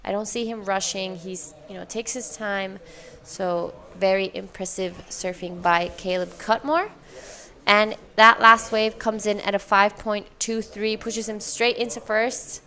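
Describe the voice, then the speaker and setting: A female surf commentator walks through each ride turn by turn, upbeat and precise. She sounds engaged and admiring while keeping the analysis clear. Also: medium pitch, steady tone, measured pace, pushed and bright. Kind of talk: live sports commentary.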